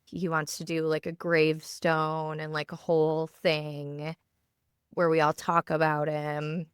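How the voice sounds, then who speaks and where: A woman in her thirties co-hosting a podcast, talking casually in a halting way full of fillers and restarts, recorded at home in a basement. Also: low-pitched, monotone, clean tone, no echo, clean studio sound. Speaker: podcast co-host. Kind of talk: casual chat.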